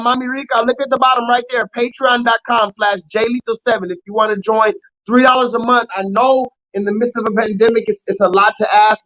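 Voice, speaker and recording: A young adult man hosting a live call-in stream, ranting loudly and profanely at the chat and mocking his target. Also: sits high, low-quality recording. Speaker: livestream host.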